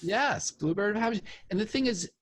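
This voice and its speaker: A man's voice: high voice, a little fast, slight background noise. A man speaking as an interview guest, telling a personal story in casual conversation and acting out the voices of the people in it. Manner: animated storyteller who acts out quoted voices. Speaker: interview guest, author and former cult member.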